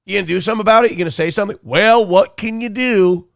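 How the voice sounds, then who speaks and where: High-voiced and fast-talking, the creaky-sounding host comes through in studio quality with no echo. Sick and in a foul mood, he runs a live morning show full of crude, profane commentary, imitating others in mocking voices.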